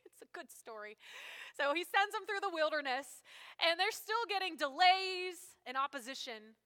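A woman pastor preaching a sermon in a lively, joking, conversational way. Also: extremely high pitch, moderate pace, slight background noise. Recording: long hall reverb.

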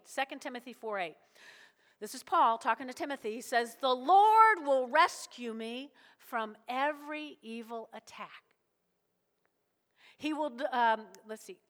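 A woman pastor delivers a sermon with a high, ringing voice, keeping it chatty and animated and often checking in with the congregation. Her voice carries a long reverb, as if it fills a large church hall. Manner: animated, conversational preaching with frequent check-ins to the congregation. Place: church sanctuary.

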